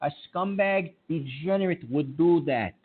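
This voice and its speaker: A man's voice: on the high side, a little slow, slightly rough. A man hosting a call-in radio show, irritable and scolding his callers as he rants. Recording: narrow phone-like sound.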